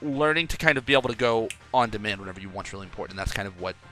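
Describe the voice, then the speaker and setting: A young man coaching a player over a call in a casual, animated way, often acting out his own thoughts aloud. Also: on the low side, rapid-fire, soft background music.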